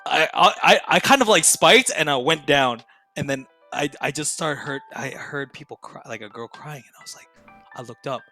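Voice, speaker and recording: A man's voice: on the high side, moderate pace, sharp tone, faint music behind. A young man in his twenties, a streamer on a podcast, telling stories in a loose, slangy, profane way and laughing between phrases. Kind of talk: casual storytelling chat.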